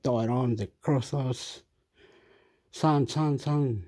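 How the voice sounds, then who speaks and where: A man's voice: medium pitch, slow pace, dark tone. Rambling man talking into a phone. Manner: scattered, self-interrupting, repeats phrases. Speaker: vlogger reacting to news. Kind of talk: rambling casual monologue. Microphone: phone held in hand.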